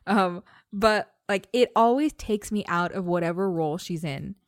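A woman's voice: medium pitch, normal speed, dry recording. Texas woman w strong opinions, blunt, dry room sound. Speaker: podcast co-host. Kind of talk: casual chat.

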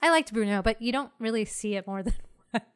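A woman hosting a podcast, chatting casually with friends, laughing often and filling pauses with "like". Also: a little high, clean tone. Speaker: podcast host. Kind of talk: casual chat.

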